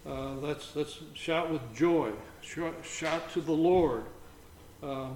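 A man leading an informal Bible study, reading scripture aloud between halting comments. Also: on the high side, steady tone, a little mellow. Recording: roomy echo, faint background noise.

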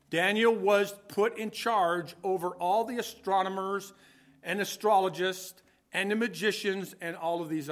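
A man with a high, bright voice preaches a sermon in a loose, conversational way. He thinks out loud, circles back and restarts his sentences as he explains scripture.

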